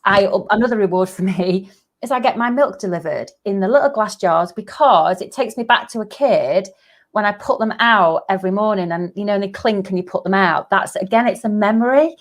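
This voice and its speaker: A woman's voice: medium pitch, fairly quick. A middle-aged woman guest, a business coach, chatting casually, laughing often and agreeing readily. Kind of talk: casual chat.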